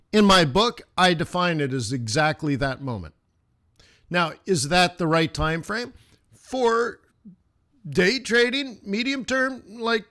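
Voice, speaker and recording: A man giving a live trading lesson who talks casually and directly to his viewers. He asks quick questions and chants price moves in rhythmic bursts. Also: on the high side, a bit bright. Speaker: forex trading instructor.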